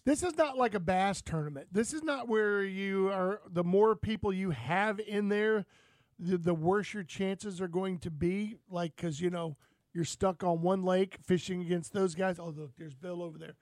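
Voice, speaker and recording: A man's voice: high-pitched, measured pace, dry recording. A man hosting a talk show, rambling through folksy stories in casual chat. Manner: rambling, folksy, animated storytelling. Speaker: outdoors show host.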